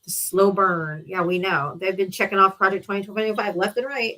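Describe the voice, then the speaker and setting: A woman's voice: mid-range voice, fairly even intonation, brisk, a bit bright, faint music behind, poor audio. A woman hosting a live talk stream in a casual, blunt way, swearing freely. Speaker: livestream host.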